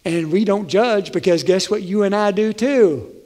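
A male pastor preaching a conversational, animated sermon in a church sanctuary. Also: sits high, normal speed. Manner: conversational, animated, acts out voices. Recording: long hall reverb.

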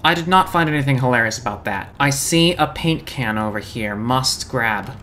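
A man's voice: medium pitch, lively intonation, normal speed, bright, forceful tone, slight background noise. A man commentating a video game playthrough in a jokey, sarcastic way with sudden yelps. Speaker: let's-play gamer.

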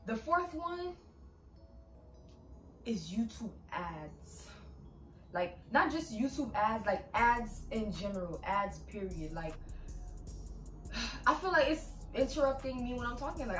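A young woman vlogs in a sassy, emphatic rant, her voice sitting slightly high. She sounds a little far from the mic in an echoey room. Soft music plays underneath. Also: very animated, measured pace, pauses often. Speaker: vlogger. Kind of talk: casual ranting vlog.

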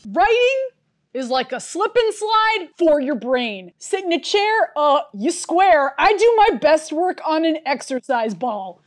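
A woman in a comedy sketch playing an upbeat, scatterbrained worker who is quickly distracted, talking in a chirpy, scattered way. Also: high-pitched, big pitch swings.

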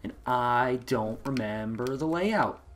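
A man talks through his game run in an unhurried, offhand drawl. He swears constantly and yelps at sudden turns, with faint background hiss and keyboard clicks near the mic. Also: mid-range voice. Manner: profane, excitable outbursts. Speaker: let's play gamer. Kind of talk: casual gaming commentary.

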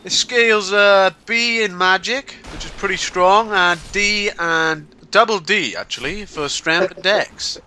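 A man's voice: sits high, unhurried, few pauses, bright, forceful tone, slight background noise. A man with a Welsh accent chatting and joking while playing a co-op game. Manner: jokey, laughing banter. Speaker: co-op player. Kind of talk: casual gaming chat.

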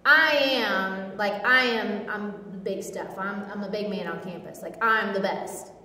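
A woman voicing the devil as a boastful, mocking male tempter, in a low, quiet tone. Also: unhurried, roomy sound, in a large hall, far from the mic. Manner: mocking, swaggering.

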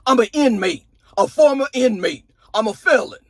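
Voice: mid-range voice, sing-song, moderate pace, breathy edge, no echo, studio quality, exaggerated voice. A reviewer voicing a proud former inmate man who talks emphatic and defensive.

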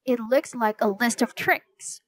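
A woman's voice: a little high, fairly even intonation, a little slow. A woman voicing an eager young boy who talks in an earnest, urgent way.

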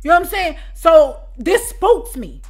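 High-voiced woman telling a story. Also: measured pace, soft background music. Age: adult with children. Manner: animated, keeps asking "you know what I'm saying?". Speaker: storytime channel host. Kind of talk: casual storytime.

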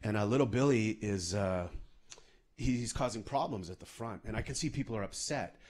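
A man's voice: lowish voice, moderate pace, darkish tone. A man performing stand-up comedy, telling a self-mocking story with lots of asides.

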